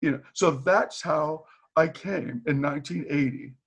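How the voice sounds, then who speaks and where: A man's voice: on the high side, a little slow, gravelly, husky. An older man from Boston, a former teacher, telling stories on a video call and acting out the voices in them with frequent laughter. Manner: animated storyteller, acts out quoted dialogue, laughs often. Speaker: retired teacher, guest. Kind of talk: candid storytelling in a video call.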